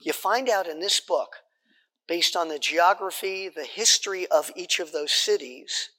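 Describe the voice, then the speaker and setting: A man with a bright, forceful voice leads a Bible study, talking in an easy, conversational way and checking in with his class. His voice carries a long reverb from the hall around him. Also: high-pitched, measured pace. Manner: conversational, repeats points, checks in with "right?".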